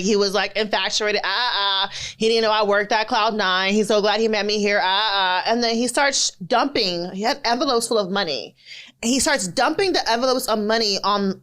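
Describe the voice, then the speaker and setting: A young adult woman co-hosting a podcast, telling a story in a lively, swearing, casual chat. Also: mid-range voice, smooth. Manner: animated, swearing, laughing storyteller. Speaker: podcast co-host.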